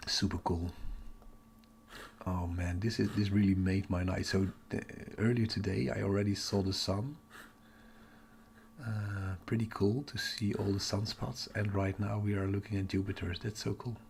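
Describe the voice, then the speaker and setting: Gravelly excited man thinking aloud. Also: on the low side, normal speed. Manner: excited, thinking aloud, drops to a whisper at times. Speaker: astronomy livestream host. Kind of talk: live-streamed casual chat. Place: home at night.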